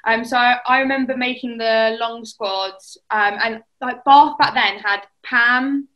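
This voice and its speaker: A woman's voice: fairly high pitch, steady tone, measured pace, muffled recording. A young woman from England, a netball player, telling stories in a casual chat and acting out what people said. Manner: chatty storytelling, acts out quotes.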